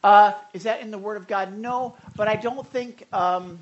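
A man's voice: sits high, moderate pace, lo-fi sound. Rambling, storytelling male pastor. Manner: rambling, anecdotal, many fillers and restarts. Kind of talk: conversational sermon.

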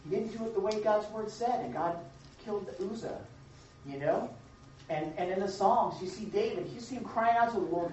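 A man teaching a Bible class to a group, lively and engaging, asking questions and affirming answers. He sounds distant from the mic, in a very echoey room. The sound is a bit dull. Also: sits high, moderate pace, slight background noise. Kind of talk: interactive Bible lesson.

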